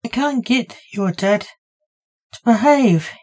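A woman's voice: fairly high pitch, expressive, slow pace, warm tone, voice pushed up. A woman voicing a frustrated male defence lawyer in an audio story, speaking in a pleading, exasperated manner.

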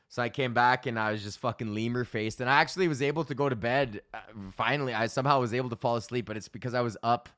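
A man's voice: mid-range voice, fairly bright tone, no echo, clean studio sound. Profane man rambling dryly. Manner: loose, profane storytelling with laughs. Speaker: podcast host and comedian. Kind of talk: rambling casual monologue.

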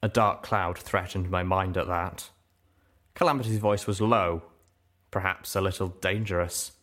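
A man narrating a story in an expressive storytelling manner. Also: low-pitched, measured pace. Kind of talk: audiobook narration.

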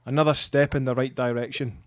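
A man's voice: mid-range voice, fairly even intonation, brisk, no room sound. A Scottish man co-hosting a football podcast in casual, sweary chat, often repeating his words. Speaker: podcast co-host.

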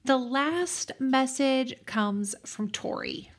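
A woman podcast host explaining things in a clear, practical, advice-giving way. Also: high voice, lively intonation, drawn-out words. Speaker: podcast host answering listener questions. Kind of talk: explanatory casual talk.

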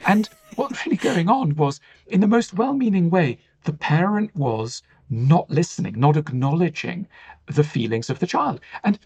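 A man's voice: a little high, big pitch swings, unhurried, darkish tone, breathy edge. A man talking as a podcast guest, explaining ideas in a thoughtful, reflective way with many "you know" fillers. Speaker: author and guest.

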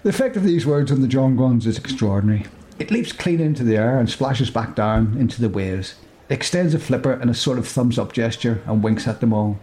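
A man's voice: medium pitch, animated, brisk, hardly any pauses, dark tone, slight background noise. A man narrating a comic story, chuckling, breaking off to joke and correct himself.

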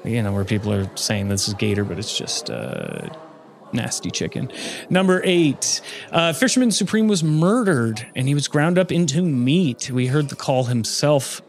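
A man's voice: medium pitch, very animated, normal speed, creaky. A man hosting a comedy podcast, reading a silly countdown in a mock-serious tone. His voice sits in an ordinary middle range.

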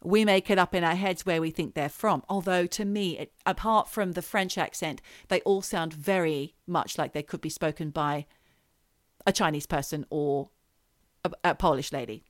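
A woman's voice: fairly low pitch, moderate pace, dry recording, studio quality. A woman co-hosting a podcast, telling a story in casual chat and trailing off when she's unsure. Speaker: podcast co-host.

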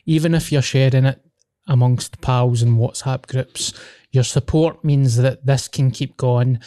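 A man's voice: mid-range voice, warm tone, dry recording, studio quality. A man with a Glaswegian Scottish accent hosting a podcast, chatting casually in sweary, laughing banter. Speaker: podcast host. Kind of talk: casual chat.

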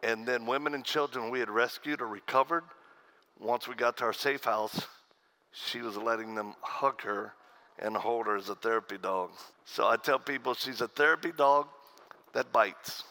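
Male pastor, folksy storyteller on stage, bright ringing voice. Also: medium pitch, normal speed. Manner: folksy storyteller, acts out quoted voices, laughs at own stories. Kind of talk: humorous speech to a conference crowd. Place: conference stage.

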